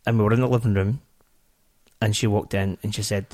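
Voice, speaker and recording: A man's voice: lowish voice, steady tone, a little mellow. A man chats casually on a podcast with his wife. He stops and restarts his sentences often and leans on fillers as he thinks. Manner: halting, full of restarts and fillers. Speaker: podcast co-host. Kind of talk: casual chat.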